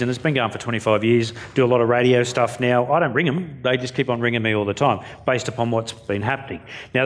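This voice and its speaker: An Australian man giving a keynote speech, telling stories in a jokey, blunt way. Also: medium pitch. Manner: jokey, blunt, story-driven. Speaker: keynote speaker.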